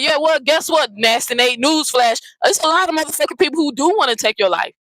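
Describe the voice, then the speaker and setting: A woman's voice: high voice, expressive, fast talker, few pauses, a bit bright, no echo, rough recording. A woman hosting a commentary channel, ranting bluntly and profanely, often repeating herself. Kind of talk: heated casual commentary rant.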